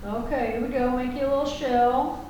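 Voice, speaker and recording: A woman teacher with a warm, high-pitched voice gives a friendly, homespun lecture, checking in with the class at a slightly fast, steady pitch. The recording is distant and echoey, with highs cut off and slight background noise.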